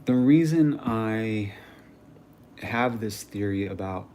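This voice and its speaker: A man's voice: fairly low pitch, slow. Slangy young man telling a story. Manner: animated storyteller, slangy and swearing. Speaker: livestream host. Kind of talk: casual chat. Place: home.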